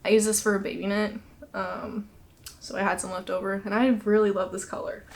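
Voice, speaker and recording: A woman's voice: medium pitch, level tone, brisk. A young woman hosting a knitting podcast, chatting casually, laughing often and a little out of breath. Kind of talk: casual chat.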